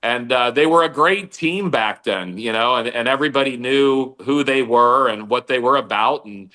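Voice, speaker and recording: A man's voice: medium pitch, normal speed, sharp tone. A middle-aged man, a guest, reminiscing about family in an easygoing casual chat.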